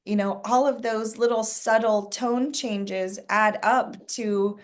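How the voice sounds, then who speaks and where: A woman leading a casual sales coaching call, talking to a group, asking them questions and clearing her throat often. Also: on the high side, fairly even intonation, slow pace.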